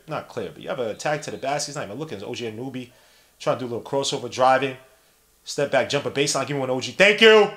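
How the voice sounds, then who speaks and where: A young man hosting a podcast, giving casual live play-by-play and reading the chat aloud in an animated, slangy way. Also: mid-range voice. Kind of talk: casual live-stream commentary.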